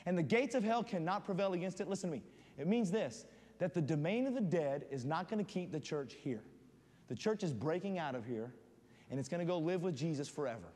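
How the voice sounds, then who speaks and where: Guy preaching hard, highish voice, big echoey church hall, gets shouty. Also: expressive, brisk. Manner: builds to loud fervent shouting. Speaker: guest preacher. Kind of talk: sermon. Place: church sanctuary.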